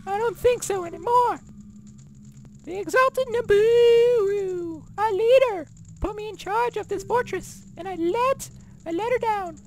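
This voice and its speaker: A man voicing a haughty female thief leader in a high falsetto, reading game dialogue with mock grandeur. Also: unhurried, a little hiss or hum.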